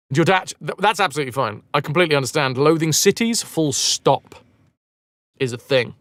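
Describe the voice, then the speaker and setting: A man's voice: a little high, lively intonation, fairly quick, no echo. A man live-streaming a game, chatting casually with viewers in a rambling, self-mocking way and swearing freely.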